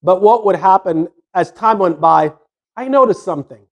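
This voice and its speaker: A man's voice: high-pitched, animated, normal speed, creaky. A man in his sixties from Jamaica, with a Jamaican accent, hosting a podcast and telling stories from his youth in a rambling, conversational way full of restarts and asides. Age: 60s. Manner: rambling, with frequent restarts and "you know" asides. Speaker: podcast host. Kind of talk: casual storytelling monologue.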